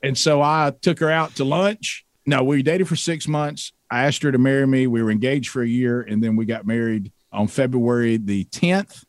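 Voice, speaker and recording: Guy, middle aged, tells animated stories, plain mid voice, super dry mic. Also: medium pitch, moderate pace, few pauses, no echo. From American South. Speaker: radio show co-host, guest. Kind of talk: casual storytelling interview.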